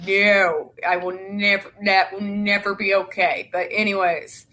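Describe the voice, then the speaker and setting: A woman's voice: medium pitch, flat delivery, measured pace, bright, forceful tone. A young woman in casual, opinionated chat, blunt and sarcastic with a lot of swearing. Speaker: show co-host.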